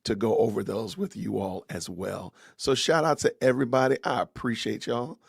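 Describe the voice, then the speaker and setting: A man's voice: mid-range voice, fairly even intonation, moderate pace, vocal fry, breathy edge, no echo, clean studio sound. A man hosting a casual livestream podcast, greeting viewers with slangy, upbeat phrases and introducing his guest. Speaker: podcast host.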